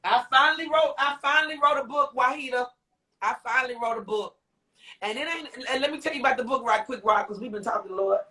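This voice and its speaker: Speaking fast in a high, pushed, bright voice, this woman is a singer and author being interviewed live. Her emotional livestream talk is heartfelt and meandering, with repeated lines and exclamations.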